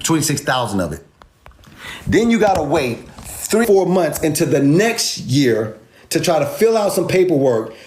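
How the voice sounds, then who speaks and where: A man giving an emphatic, sarcastic, street-casual money rant with lots of repetition, recorded in an echoey room. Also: a little high. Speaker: finance video host. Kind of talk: animated explainer rant.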